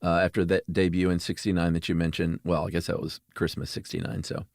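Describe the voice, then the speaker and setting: A man co-hosting a podcast in an easygoing chat, his voice sitting low. He chuckles and drops fillers as he explains. The sound is dry and close, with no room around it. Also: flat delivery, fast talker, gravelly, no echo. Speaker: podcast co-host. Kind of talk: casual chat.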